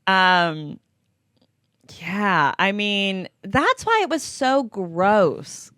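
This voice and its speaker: A woman hosting a podcast, recapping a TV episode in casual chat as an excited fan who laughs and exclaims often. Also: medium pitch, very slow, no echo, studio quality. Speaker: podcast host.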